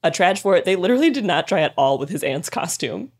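A woman's voice: lowish voice, very animated, quick pace, a little mellow, breathy edge. A woman co-hosting a podcast in casual chat, playful and teasing, often laughing. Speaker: podcast co-host. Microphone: studio mic.

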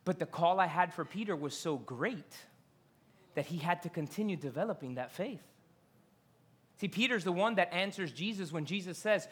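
A pastor preaching with a bright, forward tone, loose and conversational, full of "like" and quick asides. The voice leaps up loud for dramatic moments and drops to near-murmurs for emphasis. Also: expressive, slightly rough. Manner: casual, joking, fillers, dramatic reenactments; swings from loud highs to hushed lows. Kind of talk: sermon.

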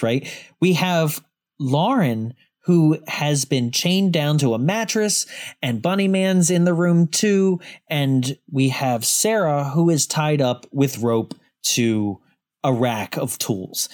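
A podcast co-host in casual movie discussion, wry and laughing often, acting out quotes. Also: mid-range voice.

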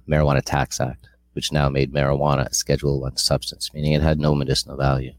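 A man's voice: a bass voice, a little mellow, no room sound. A middle-aged man sharing a candid personal testimony, earnest and rambling with frequent restarts.

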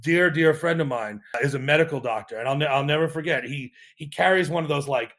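High-voiced man telling an excited story. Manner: excited, fast storytelling, acts out quotes, frequent restarts. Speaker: startup co-founder guest. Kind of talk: animated storytelling in a podcast interview.

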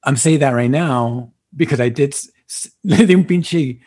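A man's voice: medium pitch, normal speed, a little mellow, slightly rough. A man co-hosting a podcast in laid-back, slangy casual chat, dropping in Spanish words.

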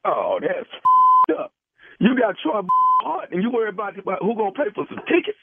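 A man's voice: sits high, huge pitch swings, brisk, husky, dry recording, exaggerated voice. A man making a radio prank call, earnestly pressing the callee while posing as a grieving brother. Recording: tinny phone line.

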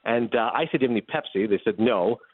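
A man calls in to a radio show and rattles off a story at high speed, acting out each person's lines as he goes. His voice comes through a dry, narrow, phone-like line. He sounds animated and chatty. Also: slightly rough, no room sound. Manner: animated, fast anecdote telling with acted-out dialogue. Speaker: radio guest. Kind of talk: casual storytelling chat.

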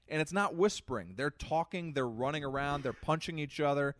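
A man co-hosting a podcast, telling a comic story in a lively, animated way that swings between loud and soft. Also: fairly high pitch, brisk, dry recording. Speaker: podcast co-host. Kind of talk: casual chat, comic storytelling.

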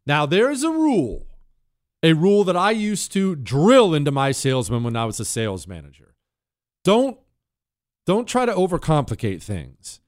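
Animated storytelling talk show host, man. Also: a little high, moderate pace. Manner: animated, emphatic, talks straight to listeners.

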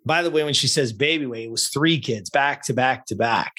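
A man working as a fitness and life coach, telling a story in a podcast interview in a blunt, profane, energetic way. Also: medium pitch, brisk.

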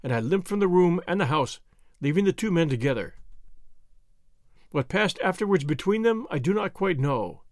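A man narrating an audiobook in an expressive, dramatic reading style. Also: high voice, moderate pace, dry recording, clean studio sound. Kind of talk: scripted narration.

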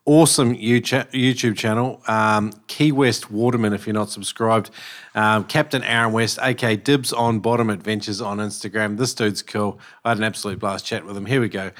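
A man's voice: on the low side, fairly even intonation, normal speed, fairly bright tone. A man with an Australian accent hosting a podcast, talking in an enthusiastic, laid-back way full of casual slang. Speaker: podcast host.

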